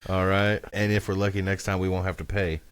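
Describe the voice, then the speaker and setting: Deep-voiced, crude, joking man. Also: little pitch movement, a little fast, smooth, no echo. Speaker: podcast co-host. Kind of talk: casual chat.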